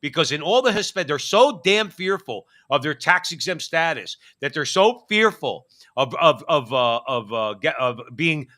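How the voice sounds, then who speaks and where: A man's voice: on the high side, sing-song, moderate pace, bright, forceful tone. A man co-hosting a political talk show, ranting emphatically with frequent restarts. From United States. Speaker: co-host. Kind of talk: political commentary chat.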